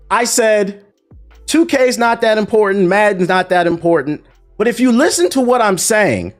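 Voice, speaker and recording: A man ranting to his stream chat in a high voice that swoops up and down. He talks in a profane, indignant and animated way. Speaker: gaming content creator.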